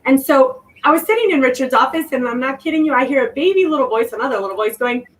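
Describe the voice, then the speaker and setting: A woman guest telling a personal story in an interview, reflective and halting, often restarting her sentences. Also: high voice, lively intonation. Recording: voice distant from the mic.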